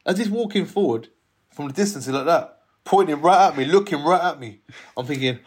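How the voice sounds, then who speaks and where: Husky man telling a lively story. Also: fairly high pitch, fast talker. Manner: acts out other people's voices, laughs often. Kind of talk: animated storytelling in casual conversation.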